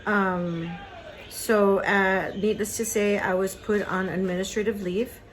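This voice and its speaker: A woman's voice: medium pitch, steady tone, unhurried, a little hiss or hum, low-quality recording. Hesitant woman telling a hard story. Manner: hesitant, many fillers and restarts; choked up at times. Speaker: craft vlogger. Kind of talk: personal story vlog. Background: cartoon on TV in the background.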